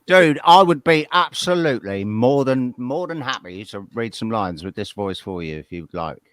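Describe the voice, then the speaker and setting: A man in the host seat, bantering, swearing and tossing in "mate" as he riffs. His voice sits at a middling pitch. The sound is close and dry with no room echo. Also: lively intonation, normal speed, a bit bright. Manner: bantering, swears freely, calls people mate. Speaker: podcast host. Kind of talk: casual chat.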